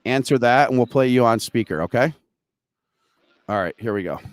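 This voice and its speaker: A male host of a live market chat show, excitable and joking, tumbling over his own words as he goes. His voice is smooth and resonant, and it sits close and dry with no room around it. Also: mid-range voice, moderate pace, dry recording. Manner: excitable, joking, scattered restarts.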